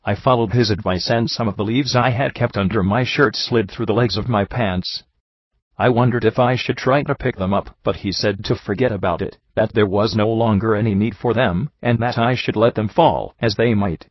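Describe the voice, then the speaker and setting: A man narrating a book in a steady, measured reading style. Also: fairly low pitch, husky, no echo. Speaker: audiobook narrator. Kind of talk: scripted narration. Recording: slightly muffled lo-fi recording.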